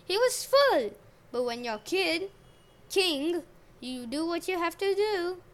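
Storybook podcast host, a woman with a high voice, unhurried narration and jokey asides. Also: big pitch swings. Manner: jokey asides, modern slang. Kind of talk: casual myth storytelling podcast.

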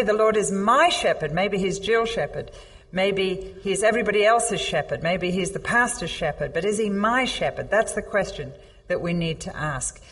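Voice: mid-range voice, fairly bright tone. A preacher delivering a sermon, stressing points with repeated phrases and reading scripture aloud with rising intensity. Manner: emphatic, repeats phrases for effect. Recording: long hall reverb.

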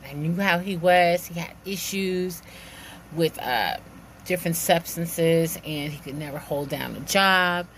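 A woman telling a personal story in a lively, animated way, acting out the dialogue and laughing now and then. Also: on the low side, unhurried, slight background noise.

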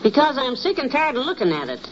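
An actress playing a brisk, teasing wife who bosses her husband along, in 1950s radio comedy style. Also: sits high, big pitch swings. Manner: bossy, teasing, calls husband dearie. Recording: muffled old radio broadcast with hiss.

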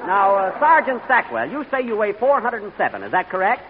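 Indignant radio comedian, lively high voice. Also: male voice, phone-quality sound. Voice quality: indignant, halting with uh's. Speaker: comedian hosting a radio show. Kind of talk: live 1940s radio comedy. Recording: crackly 1940s radio broadcast with live audience.

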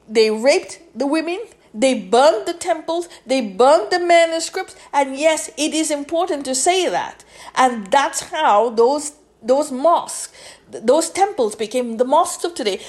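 A woman with a high voice speaks alone as a podcast host. She lectures emphatically and repeats phrases over and over to drive her points home. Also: a little mellow. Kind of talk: solo podcast monologue.

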